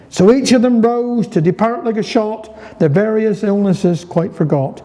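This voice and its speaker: Brief: Cornish storyteller, man, fairly high voice, playful and chatty. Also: moderate pace, hardly any pauses, mellow, rough recording. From Cornwall. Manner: chatty, humorous rhyming recitation. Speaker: dialect storyteller. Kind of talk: reading dialect stories to a live audience. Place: heritage venue talk.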